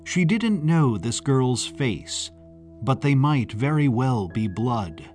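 Male narrator, unhurried and deliberate, mid-pitched, faint music underneath. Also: very animated, a little mellow. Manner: measured, deliberate storytelling. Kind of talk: scripted narration.

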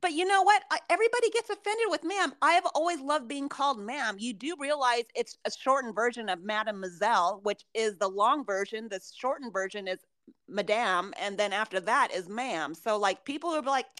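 A woman's voice: a little high, a little fast, a bit bright. A woman co-hosting a podcast in casual chat, blunt and emphatic, swearing freely. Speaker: podcast co-host.

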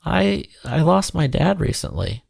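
A man's voice: on the high side, big pitch swings, unhurried, creaky, a little mellow, voice pushed up, heavily acted. A man voicing an earnest, kind-hearted young man who stammers and apologizes. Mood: eager.

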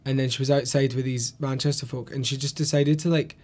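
A man with a softened Glasgow Scottish accent, co-hosting a casual podcast chat and telling lively stories with plenty of swearing. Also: medium pitch, quick pace. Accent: Glasgow Scottish, mellowed. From Scotland, Glasgow. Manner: animated storyteller, swears freely, laughs often. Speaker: podcast co-host.

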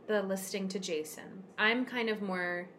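A woman telling a personal story as a guest in a casual conversation, emotional and expressive with frequent fillers. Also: mid-range voice, unhurried, a little hiss or hum. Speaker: podcast guest, cat rescuer.

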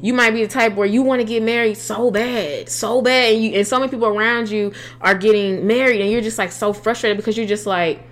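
A woman's voice: a little high, fairly quick, hardly any pauses. Earnest young woman talking about faith. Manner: earnest, animated, many restarts, slangy. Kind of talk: casual faith talk.

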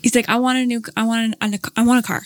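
This woman talks quickly in a slightly high voice while telling an extended story during a casual chat. Lively and expressive, she voices the quoted parts herself and fills her speech with fillers.

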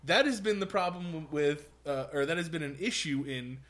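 A man with a slightly high voice lays out his view on a podcast, measured and a bit hesitant. He restarts his sentences but keeps a calm, reasoning tone throughout. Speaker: podcast co-host. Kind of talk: casual podcast chat.

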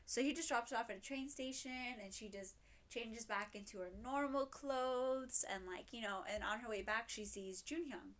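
A woman's voice: fairly high pitch, normal speed, a bit bright. A woman in casual chat, retelling a drama plot in a rambling way full of fillers and acted quotes. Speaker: co-host recapping a drama.

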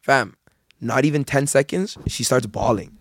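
A young man, telling a story in casual podcast chat, animated and heavy on slang and swearing. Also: medium pitch, moderate pace, creaky, no echo, clean studio sound. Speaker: podcast guest.

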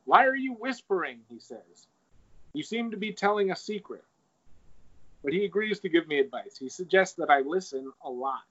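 A man's voice: on the high side, animated, moderate pace, a bit bright. A man in casual chat, retelling an essay and reading quoted passages aloud. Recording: dull lo-fi recording.

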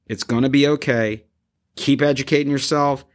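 A man's voice: medium pitch, steady tone, normal speed. A man hosting a podcast in casual chat, blunt and swearing heavily, with music behind him. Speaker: podcast host.

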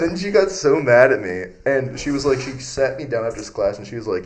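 A man's voice: mid-range voice, expressive, brisk, hardly any pauses, a loud crowd. A young man on a podcast, rambling through an anecdote and acting out what people said. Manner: rambling anecdote-teller who acts out quotes. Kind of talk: casual storytelling chat.

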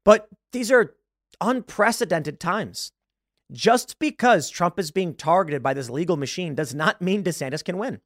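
A man in his thirties hosting a podcast, ranting about politics in an animated, mocking way. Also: sits high, measured pace, no echo, studio quality. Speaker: podcast host. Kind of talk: political commentary rant.

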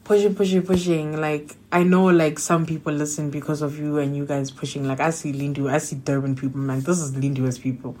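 Low-voiced young south african woman rambling on her podcast, lots of likes, gets excited. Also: a little fast, hardly any pauses. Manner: chatty, frequent "like" fillers, excitable bursts. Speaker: podcast host. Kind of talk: casual solo podcast monologue.

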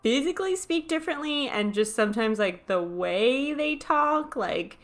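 A woman from New York hosting a podcast in casual chat, talking in an animated way with lots of "like" asides. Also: high voice, normal speed. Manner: chatty, animated, full of "like" asides. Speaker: podcast host.

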